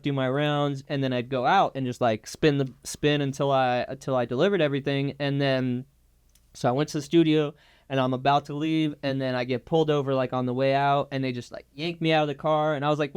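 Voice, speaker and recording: A man's voice: mid-range voice, smooth. A young man in a casual interview, telling a story in a laid-back, slangy way with lots of fillers. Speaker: guest.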